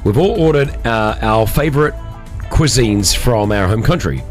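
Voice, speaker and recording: Animated male radio host. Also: fairly low pitch, moderate pace, soft background music. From Lebanon. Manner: animated, excitable, talks over others. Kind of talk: breakfast radio banter.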